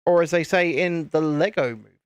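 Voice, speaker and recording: Speaking at a moderate pace in a slightly high, expressive voice, this British streamer rambles casually as he works on a build at his desk, reading out comments from viewers. He's at a home streaming rig with lights and cameras, picked up by a desk mic; the audio is dull but has no room sound.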